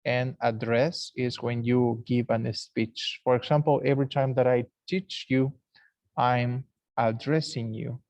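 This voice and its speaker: Give me a man teaching English slowly, repeating each example word. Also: medium pitch, steady tone, darkish tone, no room sound. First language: Spanish. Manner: explains slowly, repeats example words aloud. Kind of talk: classroom lesson recording.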